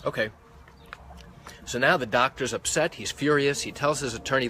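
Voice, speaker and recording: A man's voice: mid-range voice, moderate pace, long pauses, bright, forceful tone, a little hiss or hum. A man, a malpractice lawyer, explaining a legal point on a live stream, counting off points one by one, into a phone held close. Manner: methodical, counts points off by number.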